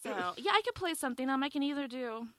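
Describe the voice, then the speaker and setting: A young American woman who plays music, telling stories on a radio show in a giggly, animated way. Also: sits high, fast, no room sound. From United States. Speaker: musician guest. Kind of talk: casual radio chat.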